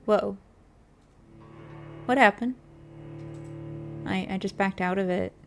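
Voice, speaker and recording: A woman's voice: medium pitch, faint music behind. A woman streamer playing a video game, reading in-game text aloud and musing on it. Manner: slow, musing, reads text aloud then comments. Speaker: gaming streamer.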